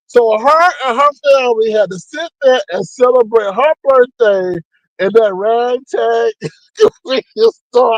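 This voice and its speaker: A man runs a casual gossip commentary, voice sitting high and leaping around as he mocks and acts out the people he talks about. The sound is dry and close, with no room around it. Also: unhurried, dry recording, poor audio. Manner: animated, mocking, acts out quotes with big pitch jumps. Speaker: commentary channel host.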